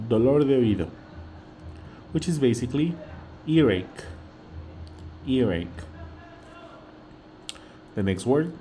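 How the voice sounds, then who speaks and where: Slow, patient Mexican-accented male teacher. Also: medium pitch, warm tone. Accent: Mexican Spanish. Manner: patient, repeats each word, says okay often. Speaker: Spanish teacher. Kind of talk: slow vocabulary lesson.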